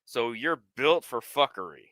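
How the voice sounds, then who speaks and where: A man's voice: medium pitch, expressive, unhurried, no echo. A man co-hosting a casual sports talk show, blunt and heavy on swearing. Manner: profane, blunt, loud outbursts. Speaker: co-host.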